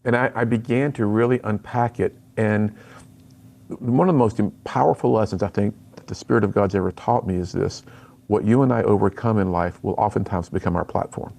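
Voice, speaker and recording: A middle-aged man, a guest on a radio interview, telling his personal story in an earnest, animated way and acting out the lines he quotes. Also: on the low side, a little fast, gravelly. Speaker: radio guest, speaker to students.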